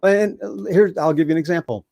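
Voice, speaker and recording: An older man in his seventies tells his story slowly and haltingly, full of ums and restarts. His voice sits a little high for a man, and it is recorded dry and close, with no room sound. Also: creaky, a little mellow, no room sound. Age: 70s. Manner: rambling, halting storyteller with many fillers. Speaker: guest. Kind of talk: casual storytelling.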